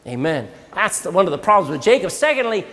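Preacher: male, high and very lively voice, quizzes the kids, long hall reverb. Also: quick pace. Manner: animated, asks the audience questions. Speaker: preacher teaching children. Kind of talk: sermon.

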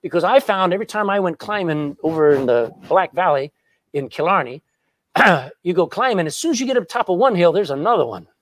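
A male preacher with a high voice that swings widely, delivering a sermon with emphatic energy. He keeps tossing questions to the congregation and punches key words. The sound is dry and close. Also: expressive, brisk, dry recording. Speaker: pastor.

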